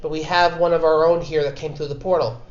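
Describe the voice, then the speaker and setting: A man's voice: fairly high pitch, fairly even intonation, fast, dull audio, natural voice. A man doing a polite twilight guard captain. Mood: measured.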